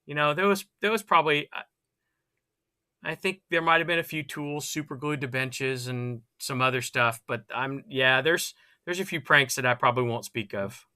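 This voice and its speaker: A man with a very bright, sharp-edged voice talks through his memories of building amps and guitars. He starts sentences, restarts them, and breaks them up with small chuckles. The tone stays casual and conversational throughout. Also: mid-range voice, clear, resonant tone. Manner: halting, restarts, chuckles between thoughts. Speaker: guest, former guitar builder.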